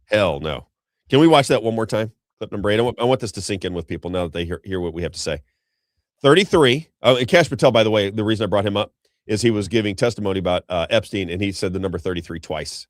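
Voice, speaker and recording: Fast-talking low-voiced male commentator. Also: lively intonation, no room sound, clean studio sound. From Missouri, USA. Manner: rambling, emphatic, repeats himself, addresses co-host. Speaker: political commentary host. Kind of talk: unscripted political commentary.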